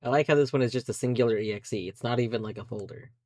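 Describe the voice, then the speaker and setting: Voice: medium pitch, racing, darkish tone, no room sound. A streamer chatting through a live game session, narrating every move and letting out sudden yelps when things go wrong. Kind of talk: live gameplay commentary.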